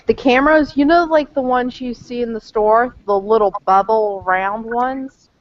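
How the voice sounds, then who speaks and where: A woman playing in a tabletop role-playing game, explaining things in an unhurried, casual way. Her pace is very slow and the audio is dry and slightly muffled. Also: on the high side, dry recording. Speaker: player.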